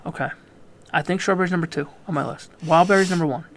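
A man co-hosting a podcast in casual banter, swearing freely and erupting into loud mock outrage. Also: fairly high pitch, fast talker. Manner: profane, mock-outraged, loud ranting bursts. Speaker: podcast co-host.

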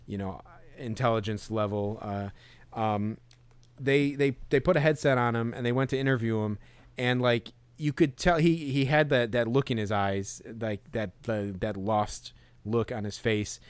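A man co-hosting a podcast, chatting casually with lots of fillers and animated retelling. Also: medium pitch, measured pace, clean tone, no echo. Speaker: podcast co-host. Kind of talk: casual chat.

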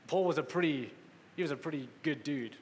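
Speaking briskly with a fairly high pitch, a man preaches an emphatic, conversational sermon, acting out quotes. The echoey hall carries faint ambience, and slight background noise is present.

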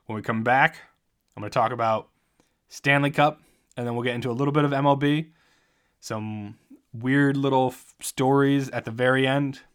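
A man's voice: mid-range voice, steady tone, normal speed, a bit bright, smooth. A young man hosting a solo sports podcast, talking in a jokey, rambling and self-mocking way. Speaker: podcast host.

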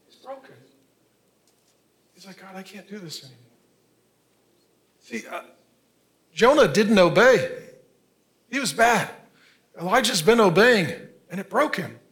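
A man in his fifties, a pastor preaching an earnest, conversational sermon with quick asides. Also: high-pitched, fairly bright tone. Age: 50s.

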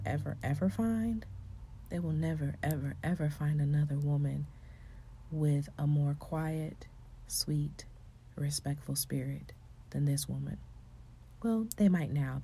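A woman talking earnestly to other women about faith and love, coaching them. She shifts between hushed, breathy passages and loud, emphatic outbursts. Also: deep voice, a little hiss or hum. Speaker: faith and relationship speaker. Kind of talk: motivational faith talk to women.

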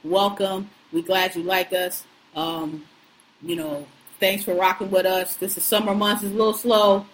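A woman's voice: medium pitch, steady tone, normal speed, slight background noise, rough recording. Blunt, profane woman podcast co-host. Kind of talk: casual podcast chat.

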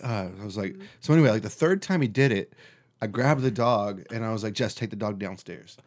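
A man's voice: lowish voice, fairly quick. A man hosting a casual chat, telling a story with lots of swearing and restarts. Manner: animated storyteller, swears freely, restarts often.

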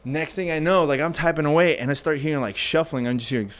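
A man's voice: on the high side, fast talker. Profane storytelling man, casual chat. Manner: animated, profane, acts out quotes in raised voice.

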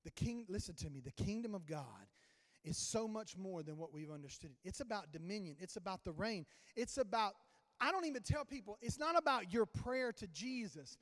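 A man preaching a sermon as a pastor, telling a story with sudden swings in loudness. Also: high voice, expressive, moderate pace. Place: church sanctuary. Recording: long church reverb.

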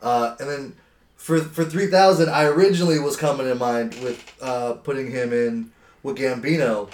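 A man on a podcast panel giving measured opinions, pausing often with "uh" as he thinks. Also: medium pitch. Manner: measured, thinks aloud with frequent "uh". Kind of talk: casual chat. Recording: roomy, distant from the mic.

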